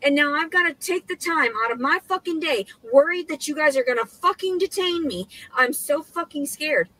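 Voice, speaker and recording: A woman's voice: high-pitched, lively intonation, moderate pace, pushed and bright, dry recording, low-quality recording. A woman in a heated rant, agitated and stammering, swearing constantly. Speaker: woman filmed in her own posted videos.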